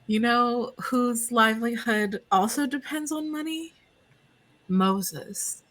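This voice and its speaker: A woman's voice: fairly high pitch, slow pace, a bit bright. A woman introducing herself as a player, a little hesitant and wry. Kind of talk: casual stream introduction.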